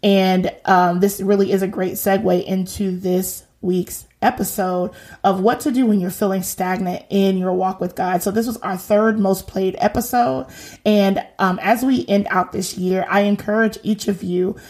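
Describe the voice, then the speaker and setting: A woman's voice: medium pitch, fairly even intonation, normal speed, a little mellow. A woman in her thirties hosting a faith podcast, talking casually, earnest and exhorting, with slangy asides.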